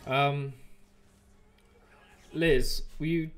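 Man hosting a live stream, slightly high voice, joking, rambling, faint music behind. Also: measured pace, pauses often. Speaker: livestream host. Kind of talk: casual live-stream chat.

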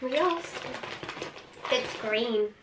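High-voiced playful woman tasting snacks. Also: lively intonation, very slow. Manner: playful, teasing. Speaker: co-host. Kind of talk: casual snack-tasting chat. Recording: echoey room with background noise.

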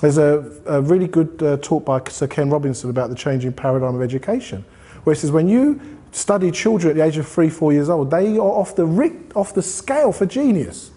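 A man's voice: a little high, lively intonation, a little fast, dark tone. A man speaking at a group meeting, giving a conversational motivational talk and asking the audience questions. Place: meeting room.

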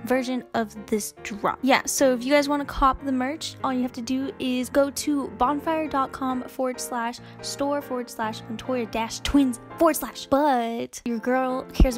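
A woman's voice: high voice, over music. A young woman vlogger doing a casual merch plug straight to camera, giggly and poking fun at herself. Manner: giggly, self-deprecating, talks fast.

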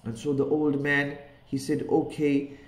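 A man gently telling a children's story, pausing to ask the listening child questions. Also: on the high side, lively intonation. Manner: gentle, asks the child questions, Islamic phrases. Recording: roomy echo.

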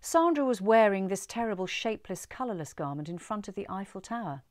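A woman reading a story aloud in an expressive, measured way. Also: mid-range voice, dry recording, clean studio sound.

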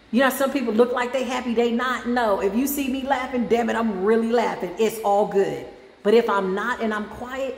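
A woman hosting a casual spiritual reading on her channel. She talks in a sassy, chatty way and keeps calling her listeners "child" and "y'all". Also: on the high side. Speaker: spiritual reader and channel host. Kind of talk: casual tarot-reading vlog talk. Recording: echoey room with faint background hum.

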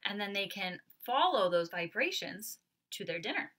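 A woman leading a children's storytime as a librarian. She talks in a sing-song voice, invites the kids to join in, and uses playful animal sounds and hushed asides. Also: medium pitch, big pitch swings, moderate pace. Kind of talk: family storytime with songs and rhymes.

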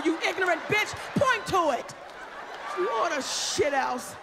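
A woman doing a live stand-up set, brash and profane, shouting her punchlines at the crowd. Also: very high-pitched, lively intonation, a little slow, very noisy. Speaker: stand-up comedian. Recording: live stage show in a large hall with a loud audience.

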